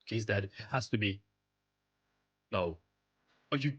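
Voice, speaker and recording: A young man giving live commentary on his own gameplay, excitable and pleading with the game. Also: lowish voice, unhurried, husky, muffled recording. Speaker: gaming streamer.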